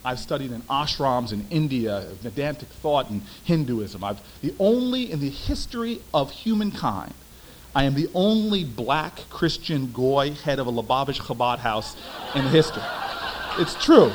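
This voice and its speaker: A young man, a former city councilman, giving a storytelling speech with emphatic, animated delivery. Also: medium pitch, moderate pace, slight background noise, poor audio.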